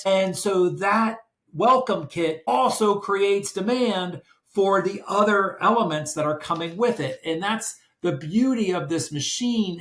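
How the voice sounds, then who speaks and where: A man hosting a podcast who explains business strategy in a measured, deliberate way. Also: high voice, fairly bright tone. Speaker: podcast host. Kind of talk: casual business discussion. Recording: roomy echo.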